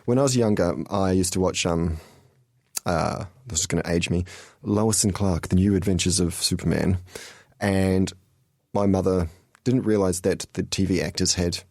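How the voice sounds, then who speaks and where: A man's voice: low voice, steady tone, normal speed, a little mellow, no echo. A man co-hosting a community radio show in a studio, chatting casually with a rambling, hesitant delivery. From New Zealand. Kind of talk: casual chat.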